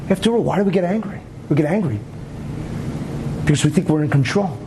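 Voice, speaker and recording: A male rabbi giving a Torah lecture as an animated storyteller, with asides and rhetorical questions. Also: fairly high pitch, quick pace, background noise.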